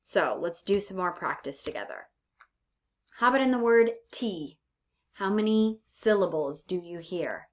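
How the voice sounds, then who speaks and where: A woman's voice: fairly low pitch, lively intonation, unhurried, slight background noise. A woman teacher giving a recorded lesson, speaking patiently and drawing out her example words. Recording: dull lo-fi recording.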